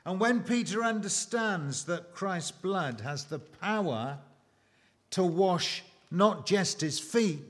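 A man preaching a sermon, slow and emphatic, with dramatic pauses and rhetorical questions. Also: high-pitched, expressive.

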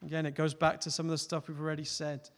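A man preaching a sermon, earnest, rising to loud emphatic peaks and dropping to soft, close appeals. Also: fairly high pitch, monotone, fast talker. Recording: long hall reverb.

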